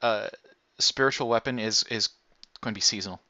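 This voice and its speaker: A man's voice: fairly low pitch, a little fast, bright, forceful tone, no room sound. A man playing in a tabletop game, explaining his ideas hesitantly and restarting his sentences. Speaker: player. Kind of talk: post-session chat. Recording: slightly dull lo-fi mic.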